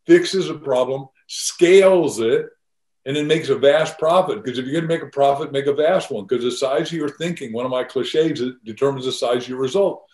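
A man's voice: mid-range voice, normal speed, darkish tone. An older man from the United States, a guest author talking in an emphatic, motivational way in an interview. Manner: emphatic, motivational, laughs between points. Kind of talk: enthusiastic interview talk. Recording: roomy echo.

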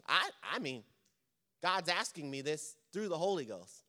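Impassioned high-voiced male preacher. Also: sing-song, pushed and bright. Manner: impassioned, rapid-fire rhetorical questions. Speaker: pastor. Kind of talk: sermon.

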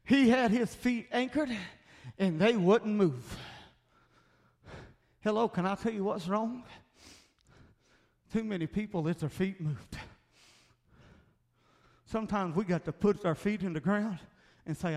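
Man, very high voice, emphatic preaching, call-and-response. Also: a little slow, long pauses. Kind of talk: sermon.

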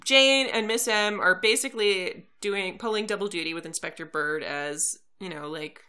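A woman's voice: medium pitch, normal speed, sharp tone. A woman co-hosting a podcast, recapping a plot from her notes with a dry, wry humor. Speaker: podcast co-host.

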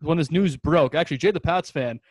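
A man co-hosting a sports podcast in casual chat, quick and blunt. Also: on the high side, darkish tone, husky, no room sound. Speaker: podcast co-host.

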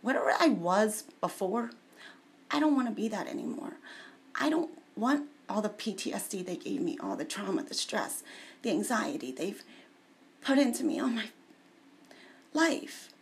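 A woman's voice: medium pitch, very animated, normal speed, pauses often, a little hiss or hum. A woman talking about her faith in an emotional, personal monologue, often dropping into tearful whispers.

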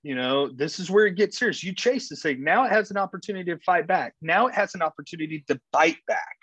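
Husky man talking with motivational emphasis. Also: high-pitched, lively intonation, fast, fairly bright tone, no room sound. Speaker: podcast host. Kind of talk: casual conversation.

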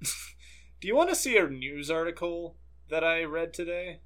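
Young male co-host, casual, rambling, curses freely, bright forward voice. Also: fairly high pitch, animated, measured pace. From southern United States. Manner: rambling, swears, laughs often. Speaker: podcast co-host. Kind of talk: casual chat.

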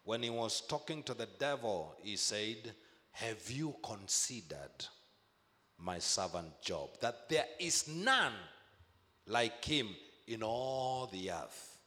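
A man preaching a sermon in a slow, deliberate cadence, his low voice swinging widely from high bursts to deep drops. He repeats phrases for emphasis, and his words ring out with a long reverb as if across a large hall. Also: sing-song, sharp tone.

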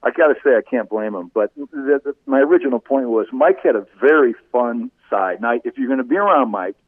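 A middle-aged man, a former sportscaster and guest, telling stories conversationally, animated and laughing often. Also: mid-range voice, brisk, slightly rough, dry recording. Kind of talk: conversational storytelling. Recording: tinny phone-like line.

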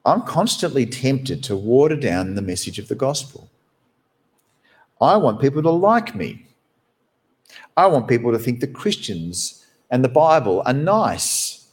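Lively, conversational male preacher. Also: measured pace, long pauses. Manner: animated, conversational preaching with wide swings in pitch. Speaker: pastor. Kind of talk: sermon. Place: church, behind the pulpit.

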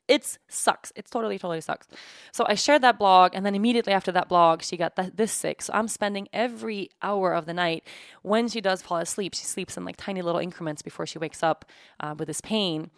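A tired woman in her thirties speaks candidly into a close mic, her lowish voice full of gravelly fry. She talks in halting, emotional bursts with restarts. The room sounds dry and close. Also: no echo. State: tired from sleepless nights. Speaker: podcast host. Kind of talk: candid personal monologue.

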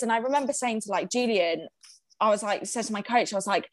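A young woman chatting casually, animated, swearing freely and laughing often. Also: mid-range voice, fast. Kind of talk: casual chat.

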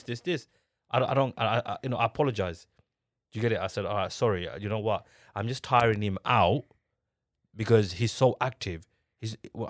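A young man in a casual podcast chat, telling stories with lively energy, acting out what others said, often restarting his sentences. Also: medium pitch, no room sound, clean studio sound. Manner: animated storyteller, acts out what others said.

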